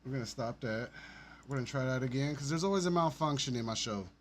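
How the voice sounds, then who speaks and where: A man's voice: medium pitch, quick pace, a little hiss or hum. A man hosting his own podcast, ranting in a profane, sarcastic and rambling way. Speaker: podcast host. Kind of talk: ranting solo commentary.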